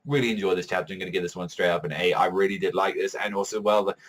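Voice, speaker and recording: A young man giving a casual manga chapter review, excitable and rambling, swearing freely. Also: deep voice, rapid-fire, rough recording. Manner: profane, excitable, rambling with many fillers.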